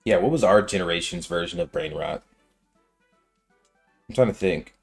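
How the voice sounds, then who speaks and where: Low-pitched and creaky, this man in his twenties speaks at a normal speed with animated energy over soft background music. As a let's-play gamer, he offers rambling, slangy, filler-packed commentary on a video game.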